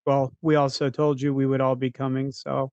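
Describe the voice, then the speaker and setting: A man's voice: medium pitch, monotone, normal speed, a little mellow, dry recording, highs cut off. Man playing a tabletop game. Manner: methodical, explains his character's moves. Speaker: player.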